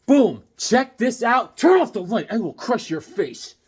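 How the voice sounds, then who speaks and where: Animated high-voiced jokey man. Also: a little slow, husky. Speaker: comic book collector showing his haul. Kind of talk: casual chat.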